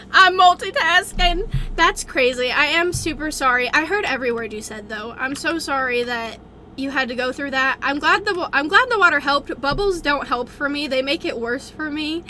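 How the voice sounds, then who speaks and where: A woman's voice: high-pitched, sharp tone, slight background noise. A young woman streamer thanking her viewers, crying and effusive. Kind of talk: live stream chat.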